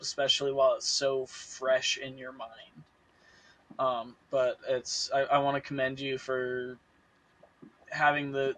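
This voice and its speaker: Guy host, calm and steady, pretty monotone, middle pitch. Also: rough recording. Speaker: host, interviewer. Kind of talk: interview.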